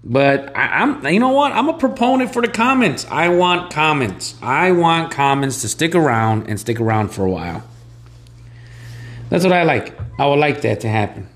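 A man co-hosting a casual podcast, talking in an animated, excitable way, repeating himself and calling his co-host "bro". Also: a little high, moderate pace. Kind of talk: casual chat.

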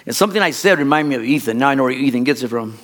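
A middle-aged man preaching a sermon as a pastor, telling a folksy, rambling childhood story in an animated way. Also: mid-range voice, racing.

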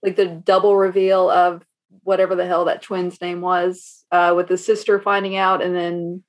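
Female podcast co-host, animated storyteller, casual and unfiltered. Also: fairly low pitch, moderate pace. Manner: animated storytelling, acts out her own reactions, casual swearing. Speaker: podcast co-host reviewing a horror movie. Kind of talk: casual chat.

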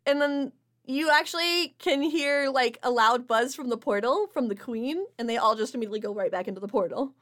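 High-voiced giggly woman game master. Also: brisk, a bit bright. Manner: giggly, rambling with fillers. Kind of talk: narrating a tabletop game.

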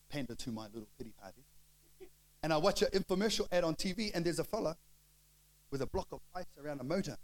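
A middle-aged man, preaching a storytelling sermon and acting out the dialogue with lively shifts of voice. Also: mid-range voice, low-quality recording. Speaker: pastor.

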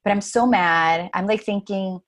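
A woman guest recounts a personal story in easy conversation. She talks with lively swings and jumps up high whenever she acts out what she once said. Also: a little slow. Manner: animated, acts out her own past lines in a raised voice. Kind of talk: casual storytelling.

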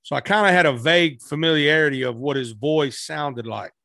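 A man's voice: on the high side, a little fast, vocal fry, sharp tone, no echo, studio quality. A middle-aged man telling stories as a guest musician in a casual interview, rambling with frequent restarts.

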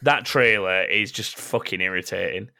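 A man's voice: low voice, normal speed, gravelly, pushed and bright. A man co-hosting a casual gaming podcast, ranting bluntly and swearing freely. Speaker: podcast co-host.

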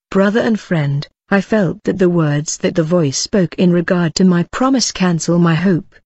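A man's voice: sits high, moderate pace, hardly any pauses, darkish tone, slightly rough, no echo. Man, religious testimony narration, earnest, solemn, muffled dry recording.

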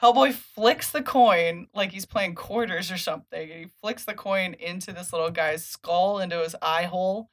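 Woman retelling a comic on a podcast, kinda low voice, lots of likes and laughs. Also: normal speed, hardly any pauses. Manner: animated retelling, acts out characters' lines with laughs. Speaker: podcast host. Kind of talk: casual comic recap chat.

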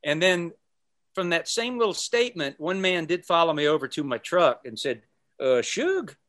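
This podcast guest's voice leans high and moves at an ordinary speed. Chatting casually, he tells stories with lively energy, voicing the folks he quotes and singing little bits here and there.

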